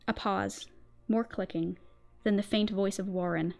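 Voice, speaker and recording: A woman's voice: mid-range voice, fairly even intonation, unhurried, gravelly, darkish tone, faint music behind. Woman streamer reading horror aloud. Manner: tense, theatrical narration with swells of volume. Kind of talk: dramatic reading of a horror story.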